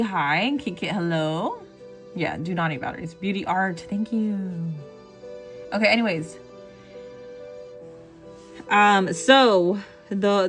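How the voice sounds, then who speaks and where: A woman hosting a relaxed art livestream, reading viewers' messages aloud and answering them with frequent giggles. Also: mid-range voice. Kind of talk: casual chat with viewers.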